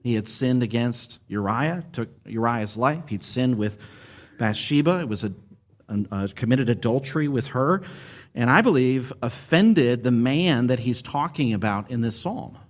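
A man preaching a sermon as pastor, earnest and expressive, pushing key words up and slowing down to stress a point. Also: medium pitch.

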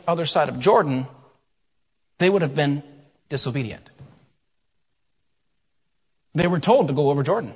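A middle-aged man preaching a sermon, telling a story with quiet asides and loud, rising questions. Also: fairly high pitch, lively intonation, moderate pace, pauses often, breathy edge. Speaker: pastor. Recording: long hall reverb.

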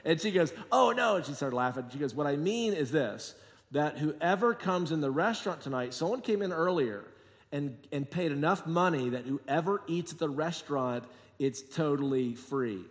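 A man preaching a sermon as pastor, telling jokey stories and acting out quotes, moving between quiet asides and emphatic points. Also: fairly high pitch, lively intonation, moderate pace. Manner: jokey, sarcastic storytelling with acted-out quotes. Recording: long hall reverb.

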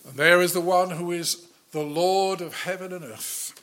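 A man preaching a sermon, earnest and deliberate, rising to loud declarations and then dropping to a near hush. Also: high-pitched. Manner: slow, earnest preaching that swells loud then drops very soft.

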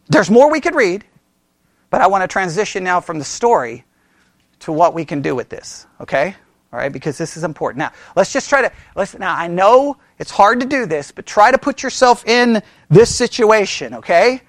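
A man's voice: high-pitched, fairly bright tone, no echo. A man preaching as a pastor, in a conversational way, quizzing his listeners with questions and often restarting his sentences. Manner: frequent self-corrections and restarts. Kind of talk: sermon.

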